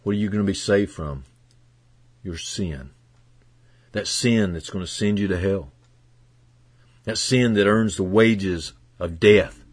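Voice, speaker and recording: A male pastor delivers a sermon in a lowish voice, earnest and heartfelt. He drops to near-quiet, then builds to loud, emphatic declarations. The sound is dry and close, with no room echo. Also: slightly rough. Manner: earnest preaching that swings from hushed to loud and emphatic.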